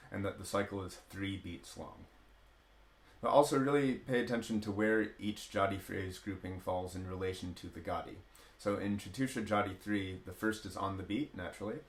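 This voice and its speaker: A man teaching a music lesson, explaining rhythm step by step with frequent hesitations. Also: sits low. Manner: chants rhythm syllables in steady counted patterns. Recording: roomy echo.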